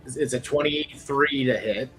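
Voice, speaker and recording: A man playing a tabletop game, calling his rolls in a relaxed, matter-of-fact way. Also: mid-range voice, a little slow, faint music behind. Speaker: player. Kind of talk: casual tabletop play.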